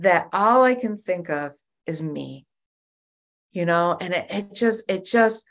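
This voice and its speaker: A woman with a mid-range voice gives a personal testimony to a recovery group via video call. She's animated in telling her story and keeps restarting her sentences.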